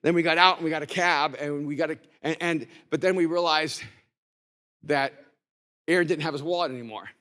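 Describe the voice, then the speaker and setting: A man preaching a conference sermon, telling a story that swings between soft talk and shouting, recorded live in a large hall. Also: fairly high pitch, brisk. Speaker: pastor. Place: large hall with long reverb.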